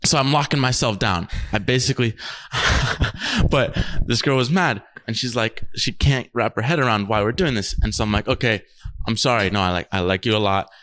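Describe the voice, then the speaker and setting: A man's voice: mid-range voice, moderate pace, fairly bright tone, slight background noise. A young man co-hosting a podcast, telling a rambling story in casual chat, laughing often and swearing freely. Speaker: podcast co-host.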